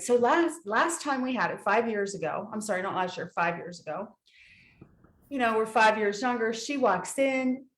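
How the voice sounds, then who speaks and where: A woman's voice: medium pitch, echoey room, rough recording. A woman podcast guest telling a funny story in casual chat, acting out what people said. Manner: lively storyteller, acts out quoted voices.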